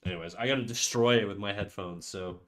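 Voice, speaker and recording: A young livestreamer with a voice on the low side and a bit bright talks fast, with slight background noise. Stuffed up with a cold, he chats casually with viewers, rambling and swearing.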